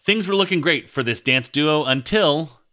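Bright-voiced joking podcast host. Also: male voice, on the high side, lively intonation, normal speed. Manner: joking, chatty, playful asides. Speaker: podcast host reading a biography. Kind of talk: casual podcast chat, reading notes aloud.

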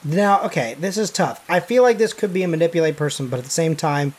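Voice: mid-range voice, expressive, fast. A game master narrating a tabletop role-playing game, chatty and laughing often, thinking aloud.

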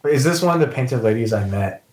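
A man's voice: medium pitch, animated, fast talker, darkish tone, echoey room, rough recording. A man playing a tabletop role-playing game, describing what his character does, rambling and saying "like" a lot. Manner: rambling, heavy use of "like". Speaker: player.

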